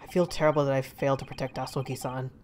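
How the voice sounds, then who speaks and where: A woman's voice: extremely low pitch, fairly even intonation, racing, a little mellow, a little hiss or hum, voice pushed down. A woman voicing a weary, dutiful young male ship's guard who speaks in a subdued, apologetic way.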